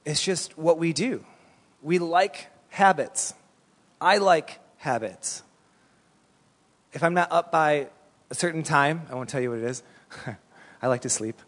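A middle-aged man preaching a sermon as a pastor, telling stories in an animated, conversational way. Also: fairly high pitch, moderate pace. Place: church hall. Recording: long reverb in a church hall.

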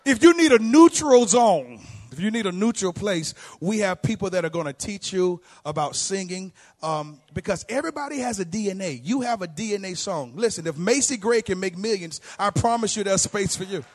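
A man with a high voice, talking to a church congregation. He is chatty and humorous and keeps slipping in quick asides. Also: animated. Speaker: music minister.

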